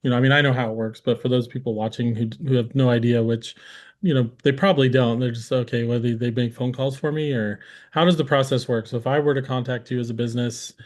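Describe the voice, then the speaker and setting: A man hosting a casual live-stream interview. He talks in a relaxed, rambling way, with many fillers and restarts. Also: mid-range voice, quick pace. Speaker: host.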